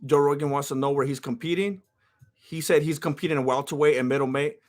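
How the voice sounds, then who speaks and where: A man doing live reaction commentary on a fight, ranting and often shouting, pausing to thank new followers. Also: fairly high pitch, fairly even intonation. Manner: thanks followers by name between rants. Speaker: live fight companion streamer.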